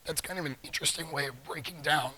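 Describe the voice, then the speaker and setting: A man's voice: on the high side, fast, sharp tone, breathy edge. A middle-aged man giving a live talk in a large conference hall, joking playfully with the audience. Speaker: conference speaker.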